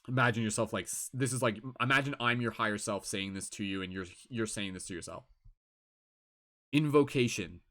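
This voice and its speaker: Laid-back swearing livestream host. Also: male voice, fairly low pitch, quick pace, few pauses. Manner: animated, laid-back, swears and laughs often. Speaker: tarot reader and livestream host. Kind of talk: casual livestream chat.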